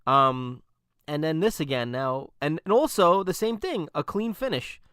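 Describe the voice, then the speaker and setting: A man's voice: on the high side, unhurried, clear, resonant tone, dry recording, studio quality. Laid-back man hosting a podcast. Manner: relaxed, laughs often, many ums. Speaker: podcast host. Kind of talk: casual wrestling chat.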